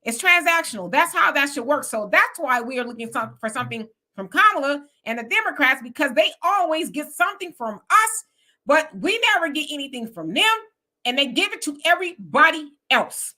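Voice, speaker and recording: A woman hosting a casual live stream, animated as she reads and answers viewer comments. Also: sits high, a little fast. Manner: animated, talks back to the comments.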